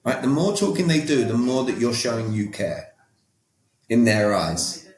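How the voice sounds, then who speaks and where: At medium pitch with big swings in it, a man speaks at normal speed in a reverberant space. He's a podcast guest giving emphatic, coaching-style talk full of repeated words and rhetorical questions.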